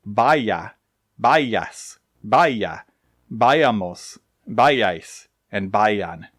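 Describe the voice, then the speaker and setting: A man teaches grammar at an unhurried pace. His pitch rises and falls a lot as he stresses each form. The sound is close and dry, with no room around it. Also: lively intonation, a bit bright, no room sound. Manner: slow, deliberate explanations with dry humor. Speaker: Spanish teacher. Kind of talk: recorded grammar lesson.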